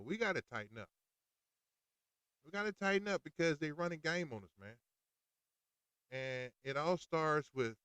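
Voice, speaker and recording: A male podcast host rants casually and with exasperation, speaking outdoors. His voice is smooth and clear at a middle pitch. The sound is dry and close to the mic. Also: no room sound. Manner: animated, exasperated, keeps saying "man". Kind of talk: casual ranting monologue.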